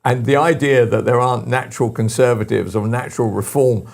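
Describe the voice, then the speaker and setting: Gravelly older Englishman hosting talk radio. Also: medium pitch, steady tone, fairly quick. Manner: rambling, anecdotal, emphatic. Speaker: show host.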